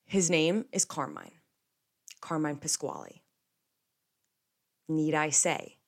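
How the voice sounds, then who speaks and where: A young woman from the United States hosting a podcast alone, telling stories in a chatty, animated way with playful asides. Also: sits low, takes it slowly, gravelly. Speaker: podcast host. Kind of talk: casual solo podcast chat.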